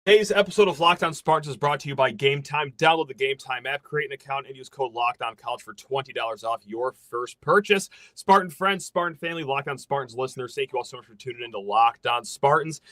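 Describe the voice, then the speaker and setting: A man's voice: mid-range voice, a little fast, few pauses, a bit bright, no room sound. A man hosting a sports podcast, ranting sarcastically with lots of energy after a loss. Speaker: podcast host.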